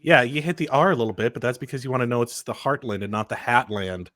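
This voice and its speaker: Midwestern male player, deadpan jokester; bright, animated voice. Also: medium pitch, fast, no echo. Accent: Midwestern American. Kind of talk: casual chat at a game table.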